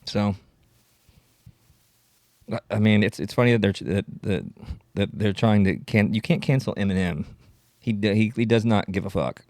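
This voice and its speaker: Gravelly rambling podcast host man. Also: lowish voice, moderate pace, pauses often, darkish tone, no echo. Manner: rambling, profane, self-interrupting. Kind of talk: solo comedy podcast rant.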